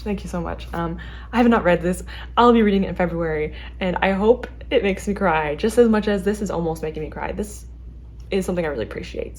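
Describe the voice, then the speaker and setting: A young adult woman chatting casually to camera as a book vlogger, talking fast and chattily with many fillers and restarts. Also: lowish voice, a little mellow, slight background noise.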